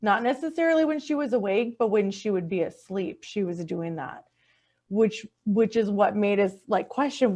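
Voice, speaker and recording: A middle-aged woman telling a personal story in conversation, earnest and heartfelt, often restarting her sentences. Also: normal speed. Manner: acts out quoted speech in a higher, softer voice. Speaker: podcast guest.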